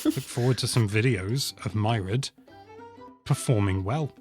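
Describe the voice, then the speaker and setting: A man's voice: on the low side, measured pace, a little mellow, soft background music. A man hosting a casual chat, rambling and self-mocking, with lots of hesitations and restarts. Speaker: host.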